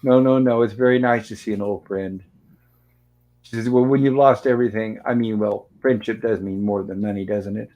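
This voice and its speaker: A man's voice: medium pitch, brisk, mellow, dull audio. A man hosting a show, casually retelling old TV episodes scene by scene, reading the characters' lines aloud and adding dry asides. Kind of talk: casual recap and commentary.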